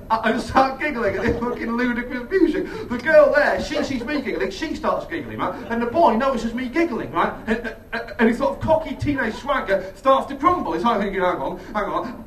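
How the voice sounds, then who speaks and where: A man doing stand-up, telling a sweary, animated story and laughing often as he goes. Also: very high-pitched. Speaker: stand-up comedian. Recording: roomy, distant mic, crowd and noise. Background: audience laughter.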